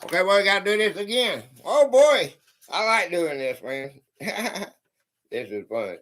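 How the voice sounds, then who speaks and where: Greeting viewers by name, a livestream host reads their fortunes in a high, fairly bright, sing-song voice, keeping a measured pace through the casual chat.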